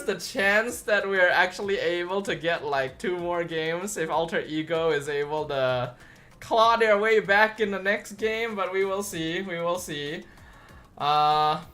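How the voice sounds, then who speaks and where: A man's voice: high voice, pushed and bright. A young man chatting casually on his livestream, tired and rambling with lots of fillers and restarts. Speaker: streamer.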